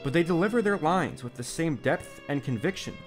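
A man's voice: fairly high pitch, lively intonation, a little fast. A man narrating a scripted video essay in an earnest, opinionated way. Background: background music.

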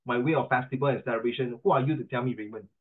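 A man's voice: mid-range voice, rapid-fire, voice pushed down, natural voice. A man doing an indignant festival-goer. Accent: Singaporean. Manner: indignant, challenging. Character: defiant male festival-goer defending tradition. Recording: tinny phone-like line.

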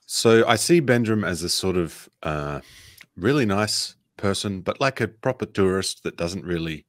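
A man playing a tabletop game, talking hesitantly with many pauses. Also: sits low, lively intonation, no echo, studio quality. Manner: hesitant, many ums, gentle. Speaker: player. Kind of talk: casual role-play.

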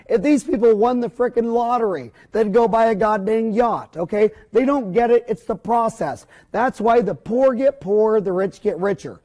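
A man's voice: extremely high pitch, normal speed, few pauses, darkish tone. A middle-aged man giving a blunt, opinionated seminar lecture at a whiteboard, rambling with folksy mild cursing.

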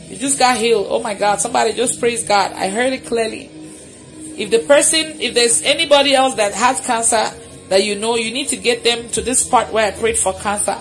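Brief: woman, fervent prayer minister, commanding and repetitive, slightly high voice, faint music bed. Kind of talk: live deliverance prayer, prophetic declarations.

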